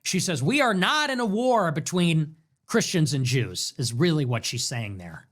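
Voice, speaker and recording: A man's voice: a little high, very animated, moderate pace, fairly bright tone. A man hosting a commentary show, reacting to clips in a mocking, sarcastic way and repeating phrases back. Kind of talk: political commentary stream.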